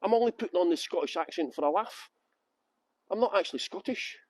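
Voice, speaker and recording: Man, from West Yorkshire, tour guide, live-streamed walking tour, chatty and joking, greets viewers by name, high voice, dry sound. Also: expressive, a little fast, no room sound. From Halifax, West Yorkshire, England. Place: outdoors on city streets.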